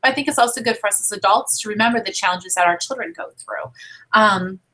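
A woman in her thirties chatting casually over a video call as she presents new children's books, with lots of fillers and quick apologies. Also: medium pitch, bright, forceful tone, a little hiss or hum, rough recording. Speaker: book seller presenting new titles. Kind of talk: casual book showcase.

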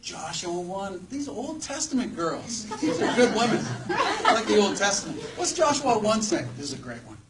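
A man's voice: high-pitched, wildly swooping pitch, moderate pace. A man preaching a sermon to a live audience in a church hall, conversational and joking, often putting questions to the listeners. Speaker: preacher at a campus ministry gathering. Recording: distant mic with faint background noise.

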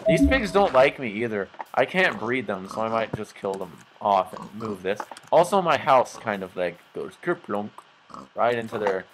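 A man's voice: fairly low pitch, noisy background. Rambling jokey man narrating gameplay. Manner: rambling, jokey, self-mocking asides. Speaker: let's play host. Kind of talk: casual gameplay commentary.

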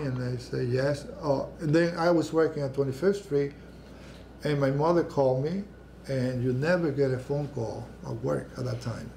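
Older man with a gravelly voice. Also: mid-range voice, mellow, a little hiss or hum. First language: Spanish. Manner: halting, many restarts, acts out quoted voices. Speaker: oral history panelist. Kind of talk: personal storytelling.

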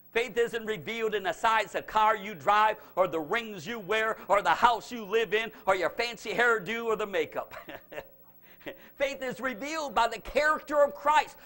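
High-voiced fervent male preacher. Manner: emphatic, repeats phrases, swings from shouting to hushed. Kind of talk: fervent revival sermon.

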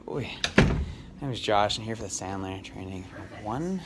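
A man's voice: fairly low pitch, expressive, a little slow, noisy background. A man vlogging in a casual, upbeat and chatty way as he walks through an office building, talking into a handheld camera. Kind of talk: casual vlog narration.

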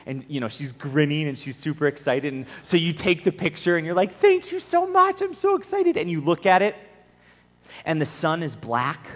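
A man giving a conversational sermon at a camp, telling stories in an animated way and acting out the voices he quotes. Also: on the high side, moderate pace. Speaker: camp speaker, preacher. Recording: long hall reverb.

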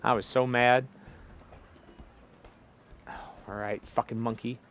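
A man's voice: medium pitch, flat delivery, slow pace, a bit bright, dull audio, a little hiss or hum. A man giving casual, profane gameplay commentary as a streamer, exasperated and talking to the game. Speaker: let's play streamer.

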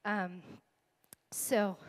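A woman's voice: medium pitch, flat delivery, extremely slow. A woman worship leader giving a sermon and leading prayer, earnest and tearful, talking in a chatty way with many fillers. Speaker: guest speaker and worship leader.

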